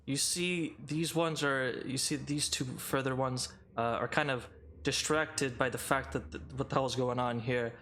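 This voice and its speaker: A man narrating a tabletop game as game master, unhurried, with many fillers and restarts. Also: mid-range voice, steady tone, a bit bright, slight background noise.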